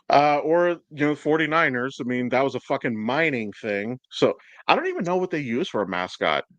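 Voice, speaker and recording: A man's voice: medium pitch, expressive, moderate pace, a bit bright, dry recording. Profane rambling male podcast host. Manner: profane, rambling, laughs often. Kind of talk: casual chat.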